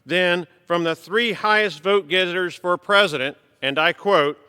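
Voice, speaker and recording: A middle-aged man, a congressman, giving a formal prepared speech from the floor in a measured, emphatic way. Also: sits high, sharp tone, clear, resonant tone. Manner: measured, emphatic delivery of a written text. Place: large legislative chamber. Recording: long reverb of a large hall.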